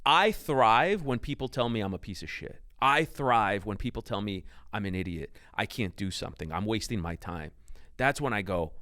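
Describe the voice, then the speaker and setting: A man's voice: on the low side, animated, normal speed, bright, forceful tone, dry recording, clean studio sound. A man speaking as a podcast guest, telling his story emphatically and swearing freely. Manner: emphatic and profane, driving storyteller. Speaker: podcast guest, company founder. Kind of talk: casual interview.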